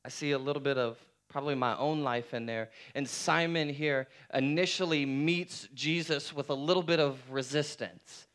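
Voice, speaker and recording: A man's voice: mid-range voice, normal speed, hardly any pauses, fairly bright tone. A man preaching a sermon to his church in a conversational way, often repeating phrases for emphasis. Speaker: pastor.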